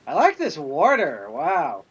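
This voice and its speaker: A man's voice: a little high, wildly swooping pitch, slow, breathy edge, muffled recording. A man giving jokey, casual commentary while he plays a video game on stream. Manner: jokey, chatty, reacts aloud while playing.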